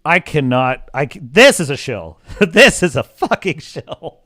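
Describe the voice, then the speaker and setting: A man's voice: a little high, sing-song, unhurried, pushed and bright, dry recording. A man hosting a livestream, reading chat aloud and ranting sarcastically with frequent swearing. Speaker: livestream host. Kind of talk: casual chat reading live chat.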